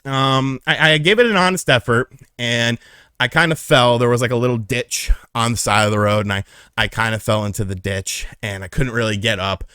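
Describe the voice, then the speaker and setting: A man's voice: medium pitch, moderate pace, pushed and bright, smooth, no echo. A young man casually telling a personal story, candid and profane, on a close mic. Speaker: vlogger.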